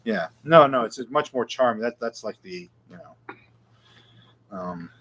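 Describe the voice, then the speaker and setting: A man's voice: medium pitch, lively intonation, measured pace, fairly bright tone, a little hiss or hum. Chatty, rambling New man. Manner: rambling, chatty, self-deprecating. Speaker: guitar shop show host. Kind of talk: casual live Q&A chat.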